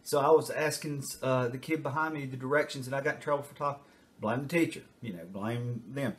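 An older man, a retired teacher, talks parents through a numbered list in a loose, rambling way. He fills his speech with asides and fillers. His voice sits at an ordinary middle pitch. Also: a little fast. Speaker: retired teacher and school administrator. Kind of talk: casual advice talk to camera.

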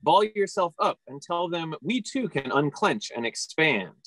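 A man in a workshop reading his own poem aloud over a video call, measured and deliberate. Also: on the high side, lively intonation, fairly bright tone, no room sound, rough recording. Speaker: workshop participant.

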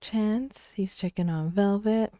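Soft spoken woman chatting through a sims-style game, slow, mellow, dry close mic. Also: mid-range voice, no room sound. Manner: soft-spoken, often half-whispering. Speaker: let's play creator. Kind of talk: casual gameplay commentary.

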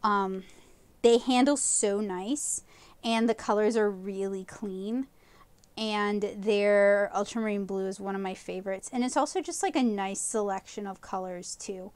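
A woman's voice: medium pitch, measured pace, a little mellow, smooth, no room sound. A woman comic artist chatting enthusiastically through a live watercolor painting tutorial, rambling with fillers as she loses her voice. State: losing her voice.

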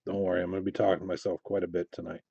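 A man hosting a live card break, opening packs and calling out what he pulls, muttering to himself between low asides and excited call-outs. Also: rapid-fire, creaky, slightly rough, muffled recording.

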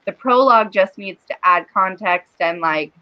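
A woman's voice: medium pitch, moderate pace, muffled recording. A woman hosting a casual livestream chat, reading viewer comments aloud and laughing often. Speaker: livestream host.

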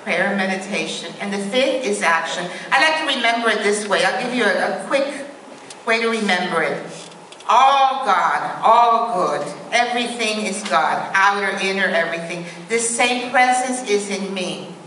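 A woman's voice: mid-range voice, expressive, normal speed, bright, forceful tone, distant mic, slight background noise. Woman preaching in an echoey hall. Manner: asks the congregation for responses. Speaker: minister. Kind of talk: sermon.

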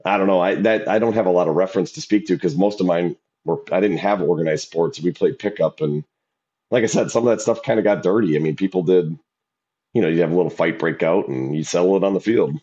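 Male podcast co-host, lowish voice, animated storyteller, muffled lo-fi audio. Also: quick pace. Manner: animated storytelling, acts out quoted shouting. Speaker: podcast co-host and youth football coach. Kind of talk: casual chat. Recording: dull lo-fi sound.

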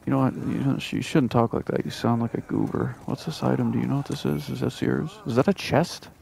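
A man giving casual, joking commentary while playing a video game, often breaking into excited exclamations. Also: mid-range voice, fairly quick, creaky. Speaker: gaming video host.

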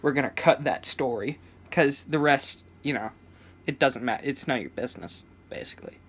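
A man's voice: medium pitch, brisk, a bit bright, husky. Young man rambling through a storytime. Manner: rambling, many restarts and stammers; chuckling between phrases. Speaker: vlogger. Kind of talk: casual storytime.

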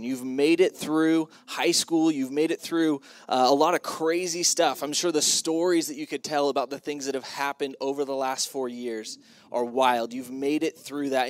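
Middle-aged male keynote speaker, slightly high voice, chatty and funny, sermon at a school event. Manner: casual and humorous, acts out his own reactions. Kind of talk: sermon to graduating students.

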